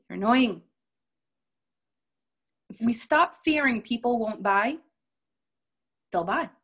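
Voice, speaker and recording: Woman, higher voice, business coach, group call, lively, acts out quotes.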